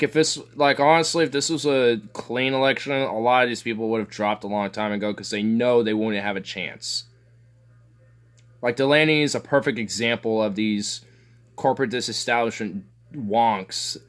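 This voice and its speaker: A man's voice: lowish voice, fairly bright tone. A man ranting casually about politics as a streamer, profane and rambling, with lots of filler words and sarcastic asides. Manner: sarcastic, scoffing laughs.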